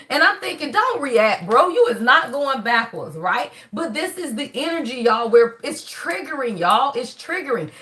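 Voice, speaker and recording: High bright-voiced woman doing a live reading. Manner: loose, profane, talks straight to viewers. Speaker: spiritual reader on a livestream.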